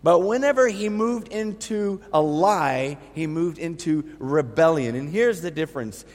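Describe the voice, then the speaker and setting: A middle-aged man preaching a sermon, with emphatic, lively storytelling. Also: a little high, measured pace. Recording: long reverb of a large hall.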